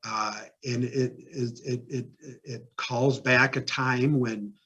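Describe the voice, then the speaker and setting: A man speaks in a husky voice, talking the way a mayor does in a podcast interview, full of fillers, restarts and sudden emphatic lifts. The recording is dull and lo-fi. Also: mid-range voice, steady tone, slow pace, fairly bright tone. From Ohio. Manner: conversational, many fillers and restarts, emphatic rises.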